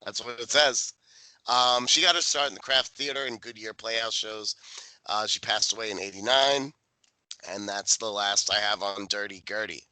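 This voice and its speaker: A man's voice: on the low side, fairly even intonation, moderate pace, sharp tone, clean tone, dry recording, low-quality recording. A man co-hosting a podcast, reading out trivia in a dry, sardonic casual chat on a close mic. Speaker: podcast co-host.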